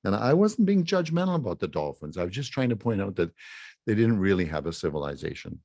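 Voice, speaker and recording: A man's voice: lowish voice, very animated, fast talker, darkish tone, no room sound. A man in his seventies from Saskatchewan telling a self-mocking story at a fireside talk, chuckling often. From Saskatchewan, Canada. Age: 70s. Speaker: musician and speaker.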